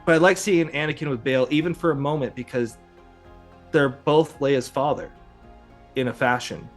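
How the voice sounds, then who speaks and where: A man's voice: mid-range voice, moderate pace, faint music behind. A man hosting a casual podcast, rambling with lots of fillers and chuckles. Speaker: podcast host. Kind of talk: casual chat.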